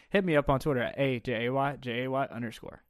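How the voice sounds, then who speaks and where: A man hosts a casual sports podcast, talking in a chatty, stop-start way full of fillers. His voice is smooth and clear. The sound is dry and close. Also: medium pitch, dry recording. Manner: chatty, halting with restarts and fillers. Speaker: podcast host.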